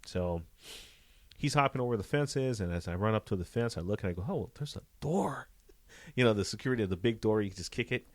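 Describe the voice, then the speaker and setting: A man, a police detective, telling a story in a casual interview, animated and full of "you know" fillers. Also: fairly low pitch, fast, dry recording.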